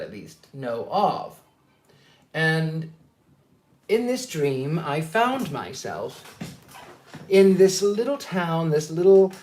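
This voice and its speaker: A man's voice: a little high, darkish tone. Chatty man telling a dream story. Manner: chatty, digressive, with many fillers and restarts. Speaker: psychic medium host. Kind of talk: casual live-stream storytelling. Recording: roomy echo.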